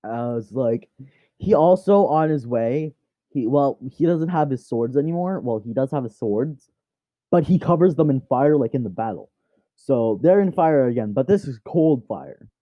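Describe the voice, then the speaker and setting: A man's voice: mid-range voice, animated, moderate pace, no echo. Rambling young-sounding man on a lo-fi mic. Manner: rambling, full of fillers and restarts. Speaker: fan storyteller. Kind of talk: casual rambling retelling of a fan story. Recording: dull lo-fi dry mic.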